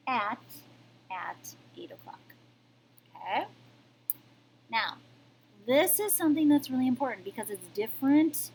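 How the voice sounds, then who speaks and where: A woman's voice: medium pitch, a little hiss or hum, low-quality recording. A woman teaching a French grammar lesson, explaining patiently step by step and often checking in with "okay?". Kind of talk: recorded classroom lesson.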